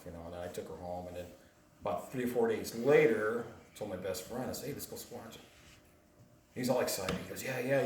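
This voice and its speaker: A man's voice: medium pitch, slight background noise. Rambling man telling a story, far off. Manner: rambling, animated, laughs often. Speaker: retreat guest telling his story. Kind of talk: casual storytelling to a group. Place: home on a mountain top. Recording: roomy sound from far off.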